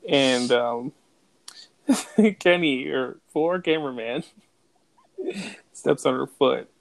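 A young man co-hosts a loose, joking podcast, retelling scenes with lots of laughter and quoted lines. His voice is mid-pitched with a gravelly fry. The recording is dry and close to the mic. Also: takes it slowly, dry recording. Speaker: podcast co-host. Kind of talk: casual chat recapping a movie.

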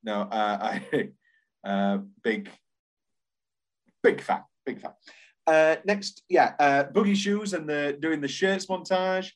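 A man's voice: fairly high pitch, slow pace. A man, co-hosting a podcast and working through his notes on a film, quoting its lines as he goes. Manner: reads scene notes aloud, quoting lines. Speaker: podcast co-host. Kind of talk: casual film discussion.

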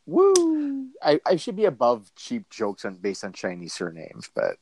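A man's voice: wildly swooping pitch, moderate pace, vocal fry, darkish tone, slight background noise. A man co-hosting a casual podcast, rambling in crude jokes with lots of fillers and restarts. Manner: rambling, crude joking, many fillers and restarts, jumpy pitch. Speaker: podcast co-host.

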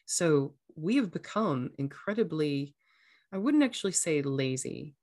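With a low-pitched, somewhat mellow voice, a woman hosts a casual podcast, speaking a little slowly but very animatedly. She talks earnestly in the manner of a coach and sometimes acts out voices. The room sound is echoey.

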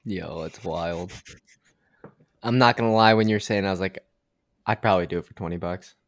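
A man's voice: low voice, moderate pace. A young man co-hosting a podcast in casual chat, laid-back and hedging. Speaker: podcast co-host.

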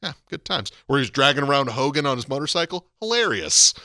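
Male podcast co-host, animated casual talker, bright voice. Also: medium pitch, fast talker, no echo, studio quality. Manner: animated, rising to emphatic peaks. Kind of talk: casual wrestling chat.

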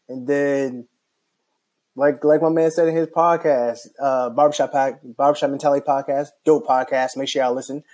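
Rambling frustrated man, warm voice. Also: mid-range voice, moderate pace. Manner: animated, rambling, heavy use of "like". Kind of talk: casual basketball rant.

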